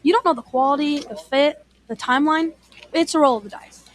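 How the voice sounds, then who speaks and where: A woman's voice: sits high, a little fast. A woman acting in a scripted radio ad dialogue, confident and persuasive. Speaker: ad voice actor.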